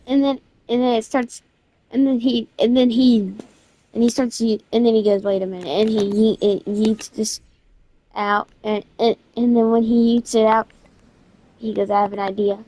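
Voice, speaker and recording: A woman narrating a game event in a casual, excited, slangy way, restarting her sentences again and again. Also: fairly high pitch, measured pace. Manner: rambling storytelling with constant restarts. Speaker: gaming video creator.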